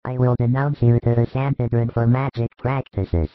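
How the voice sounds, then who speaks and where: A calm, patient spiritual master, played by a man gives measured instruction in a religious audio drama. His voice sits at an ordinary male pitch. The sound is thin, phone-like and dry. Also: no room sound, close to an everyday voice. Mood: calm teaching. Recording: tinny phone-like dry recording.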